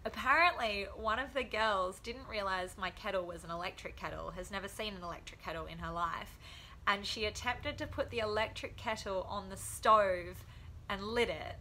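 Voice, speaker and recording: A woman's voice: mid-range voice, bright, forceful tone, slight background noise. A young woman telling funny stories in a casual vlog, laughing often and acting out quotes. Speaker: vlogger, professional boxer.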